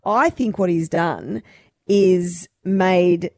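A woman co-hosting a radio show, chatting in a casual, quick-to-laugh way. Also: lowish voice, gravelly, darkish tone, no room sound.

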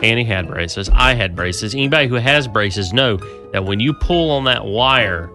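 A man co-hosting a casual radio show, animated and chatty, his voice jumping up when excited. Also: lowish voice, moderate pace, music in the background. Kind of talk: casual morning show chat.

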